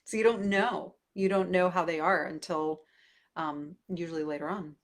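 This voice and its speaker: A woman's voice: on the low side, steady tone, normal speed. A middle-aged woman, a parenting coach, talking casually and thoughtfully, with fillers and restarts, as she answers a question. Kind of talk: casual advice talk answering viewer questions.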